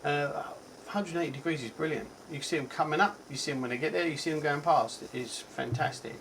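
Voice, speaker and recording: A man's voice: a little high, a little fast, fairly bright tone, slight background noise, rough recording. A man with a Cockney accent giving a casual, rambling product review, chatty and full of ums and self-corrections. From England. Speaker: tech reviewer.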